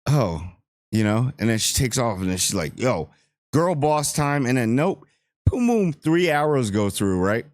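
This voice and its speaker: A man giving a casual, rambling spoiler review of a TV episode, joking and acting out characters in quick asides. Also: medium pitch, very animated, no echo, studio quality. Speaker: show reviewer.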